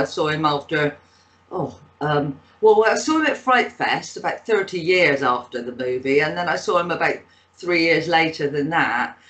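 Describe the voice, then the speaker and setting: A woman's voice: low voice, a bit bright, rough recording. Chatty woman with a Bristol accent. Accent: Bristol English. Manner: rambling anecdotal storytelling with frequent fillers. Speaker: guest, actress and author. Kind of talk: casual interview chat.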